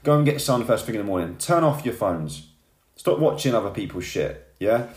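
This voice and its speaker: A man's voice: on the low side, animated, moderate pace, darkish tone. Fired-up man preaching motivation. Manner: fired-up, preachy, keeps tagging lines with "yeah?" and "right?". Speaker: motivational vlogger. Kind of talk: motivational monologue to camera. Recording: echoey room.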